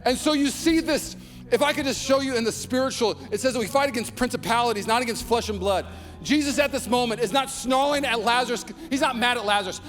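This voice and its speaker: A young man preaching in a large church hall, his voice high and bright against a long reverb tail. He throws himself into the sermon, breaking into shouts and acted-out voices, while faint music sits low in the background. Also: fast. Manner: energetic preaching, acts out shouts and quoted voices. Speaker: pastor.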